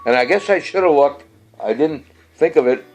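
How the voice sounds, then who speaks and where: A man's voice: fairly high pitch, animated, normal speed, darkish tone. A middle-aged man, hosting a casual show and rambling through birthdays and weather with many fillers and restarts. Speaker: radio-style show host.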